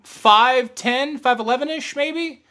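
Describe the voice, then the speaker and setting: A man co-hosting a podcast, telling a rambling story in casual chat, animated, full of fillers and laughs. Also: very high voice, slow pace. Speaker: podcast co-host.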